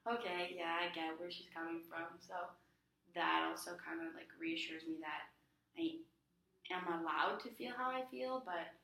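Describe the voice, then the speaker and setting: A woman's voice: lowish voice, unhurried, gravelly, pushed and bright. A young woman talking casually as a counseling client, chatty with lots of fillers, often acting out what others say. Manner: chatty, many fillers, acts out quoted friends. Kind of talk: casual conversation. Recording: echoey room.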